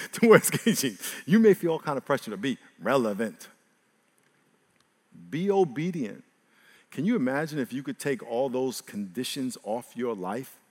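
A man preaching a sermon as a pastor, animated and humorous. He jumps from loud exclaiming to hushed talk, laughs often, and has the congregation repeat after him. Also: fairly high pitch, big-room sound.

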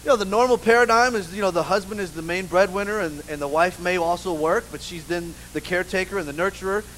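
A man preaching a sermon in church, an animated, humorous storyteller who keeps saying "you know". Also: sits high, quick pace, slight background noise, poor audio. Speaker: pastor. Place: church with a live congregation.

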